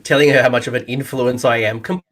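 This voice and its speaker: A man's voice: mid-range voice, fairly even intonation, fast talker, a bit bright. A man with an Australian accent hosting a casual chat, talking in a chatty, joking way with plenty of fillers. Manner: chatty, jokey banter with fillers. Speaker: podcast host and coach.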